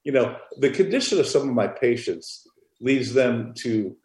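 A man, an author and music therapist, telling an animated story on a podcast and acting out the dialogue. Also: mid-range voice, normal speed, roomy sound.

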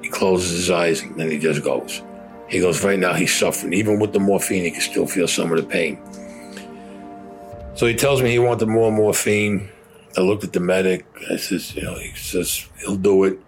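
A man's voice: sits low, steady tone, moderate pace, soft background music. An older man, a war veteran, telling a gritty personal story in blunt, profane speech, acting out what people said.

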